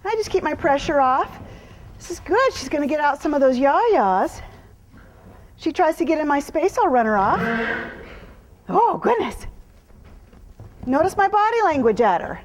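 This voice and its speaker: A woman's voice: sits high, sing-song, measured pace, pauses often, long reverb tail. A woman horse trainer giving a live demonstration in an arena. She explains each step to the onlookers and keeps cooing praise at the horse. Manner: explains her steps to an audience between cooing praise to a horse.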